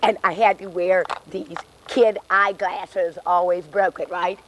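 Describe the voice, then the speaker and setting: A woman's voice: on the low side, steady tone, measured pace, low-quality recording. A woman performing a wry, confiding comic monologue about her life, outdoors in an alley. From Texas. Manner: wry, confiding, self-mocking. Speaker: solo stage performer.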